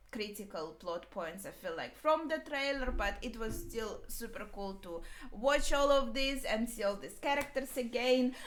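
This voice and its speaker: A woman's voice: fairly high pitch, fairly bright tone. A woman, not a native English speaker, hosting an anime reaction video, chatting casually and thinking aloud with lots of fillers.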